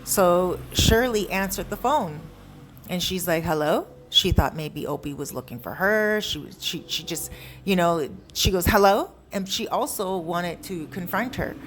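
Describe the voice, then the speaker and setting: Woman, storyteller, casual, animated, chatty, low voice. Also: unhurried, a little hiss or hum. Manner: animated, conversational, chatty asides.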